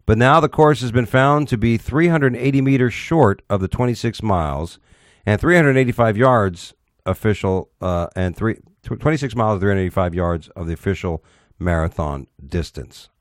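A man's voice: fairly low pitch, moderate pace, no room sound, clean studio sound. A man hosting a casual talk show, reading odd news stories aloud and giving blunt, profane opinions with stumbles.

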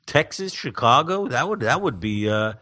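A man's voice: mid-range voice, very animated, moderate pace, bright, forceful tone, dry recording, clean studio sound. A man co-hosting a podcast in casual chat, wisecracking and reading news bits. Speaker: podcast co-host.

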